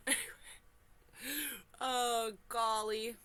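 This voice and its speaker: A woman reads a forum story aloud at an unhurried pace, her voice bright and forward. She keeps stopping for animated, exclaiming asides and apologies. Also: medium pitch. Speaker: reaction channel host.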